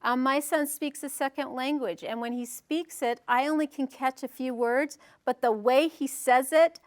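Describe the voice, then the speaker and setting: Lady with a high voice running a workshop for parents, sing-songy when she reads rhymes. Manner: sing-song, animated reading with playful voices. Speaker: workshop presenter. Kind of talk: teaching workshop with rhyme reading.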